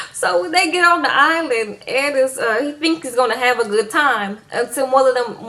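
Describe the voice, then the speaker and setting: A woman's voice: fairly high pitch, a bit bright. A woman giving a casual, sassy recap of a reality show, retelling scenes with playful asides to her viewers.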